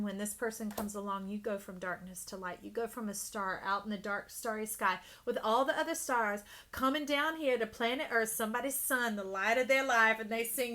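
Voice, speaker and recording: A woman giving an intuitive tarot reading, talking expressively and now and then dropping to a soft whisper. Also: a little high. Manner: animated, drops to soft whispers. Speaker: tarot reader.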